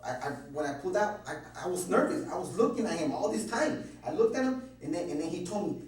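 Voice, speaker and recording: A scared man tumbles through his story at a rapid clip, stammering and cursing, his voice pitched a touch high. He sits in a booming, echoey interview room, caught by a distant mic over a faint hum. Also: sing-song, a little mellow. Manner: stammering, repeats himself, heavy cursing. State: frightened. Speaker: interviewee questioned by police. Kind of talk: nervous rambling account.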